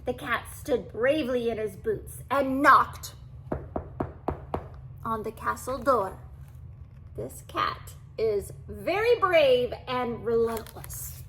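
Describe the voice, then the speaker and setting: An older woman reads a children's storybook aloud at an unhurried pace. Her voice is bright and bounces up and down, and she breaks off to chat with the listener. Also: fairly high pitch, slight background noise, low-quality recording. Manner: animated, with asides to the listener.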